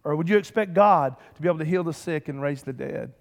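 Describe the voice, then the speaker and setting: A man preaches from the pulpit in a fairly high voice, rising into emphatic swells and turning to the congregation with direct calls. His voice carries a long reverb from the large sanctuary around him. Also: fast, vocal fry. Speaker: pastor. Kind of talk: sermon. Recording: long reverb of a big hall.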